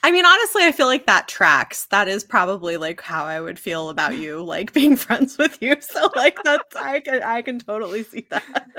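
A young woman with a bright voice at a middle pitch talks easily with her co-host, padding her thoughts with fillers. The sound is close and dry, with no room echo. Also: big pitch swings. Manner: easygoing, many fillers, quick backchannels. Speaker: podcast co-host. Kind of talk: casual book discussion chat.

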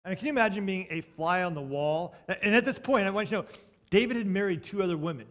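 In a fast, high voice, a man tells stories from the pulpit, alternating booming bursts with hushed stretches. He throws in playful remarks to the congregation.

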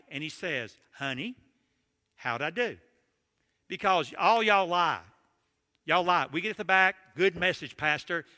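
An older man from Georgia with a Southern accent, preaching a sermon with animated, self-deprecating storytelling. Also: high voice, in a large hall. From Georgia, USA. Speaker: pastor.

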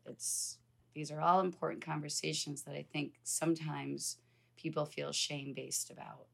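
A woman's voice: low-pitched, creaky. A woman guest on a podcast, speaking candidly and bluntly in casual conversation.

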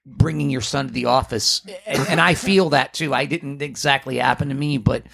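Gravelly, halting podcast co-host. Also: male voice, medium pitch, steady tone, a bit bright. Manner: halting, restarts often, laughs a lot. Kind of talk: casual chat.

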